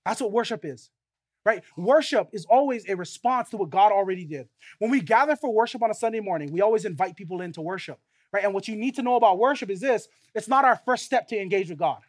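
A man's voice: high-pitched, animated, fast. A young man preaching a sermon as a pastor, emphatic and conversational, checking in with "right?" and "okay?".

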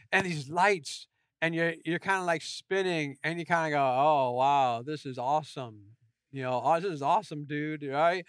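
A man preaching a sermon, telling a story with lively asides and jokes and acting out voices as he goes. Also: high voice, no room sound, clean studio sound. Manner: jokey asides.

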